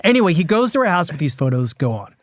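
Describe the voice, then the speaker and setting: A man hosting a podcast, in casual conversation with his guest, expressive and playful with quick asides. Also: fairly high pitch, dry recording. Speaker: podcast host, critic.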